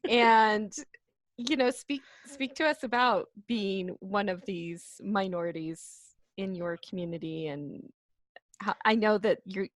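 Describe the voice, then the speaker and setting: A woman's voice: mid-range voice, a little slow, no room sound. Woman host asking rambling questions. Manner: rambling, self-correcting questions. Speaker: podcast host. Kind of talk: interview questions.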